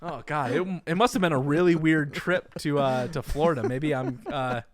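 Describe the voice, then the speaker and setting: A man's voice: on the high side, normal speed, crowd noise. A man co-hosting a casual comedic podcast, telling stories with animation and stammering restarts. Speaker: podcast co-host.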